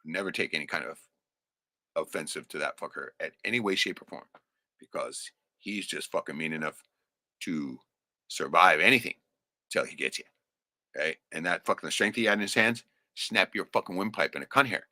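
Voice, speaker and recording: A man's voice: deep voice, expressive, moderate pace, pushed and bright, no room sound, studio quality. A middle-aged man telling stories from his life in a rambling, profane way, often ending lines with "right?". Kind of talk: casual storytelling.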